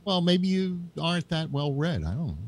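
A man's voice: fairly high pitch, big pitch swings, normal speed. A man on a chat panel, needling the host with contrary views.

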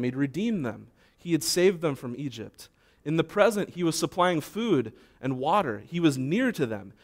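A male pastor giving a conversational sermon, asking the room questions and acting out short imagined complaints. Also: on the high side. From United States.

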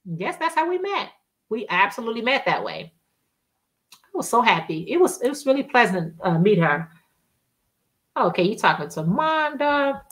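A woman's voice: fairly high pitch, very animated, moderate pace, pauses often, fairly bright tone. A woman hosting a casual crafting livestream, telling chatty stories in colloquial speech and reading viewer comments aloud.

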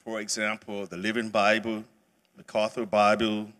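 A man's voice: lowish voice, monotone, normal speed, fairly bright tone. A man teaching a church Bible study lesson in a casual, conversational way, with many fillers and restarts. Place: church sanctuary.

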